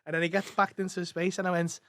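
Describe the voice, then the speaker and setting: A man rattles through comic anecdotes at a fast clip, swearing freely and slipping into the voices of the people in his stories. His voice sits a little high for a man and sounds dry and close to the mic. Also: level tone, fairly bright tone, no echo. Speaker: comedian guest. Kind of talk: casual storytelling chat.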